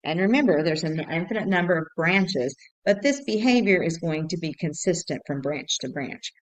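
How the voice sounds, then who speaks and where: Woman, low-pitched math teacher, patient recorded lesson, explains step by step. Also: expressive, moderate pace, few pauses, low-quality recording. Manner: patient, repetitive, thinks aloud with fillers.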